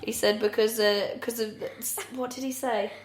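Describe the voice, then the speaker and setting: A woman's voice: fairly high pitch, steady tone, normal speed, echoey room, a little hiss or hum. A woman co-hosting a comedy podcast, telling the story bluntly with swearing and laughter. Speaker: podcast co-host. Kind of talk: casual comedic chat.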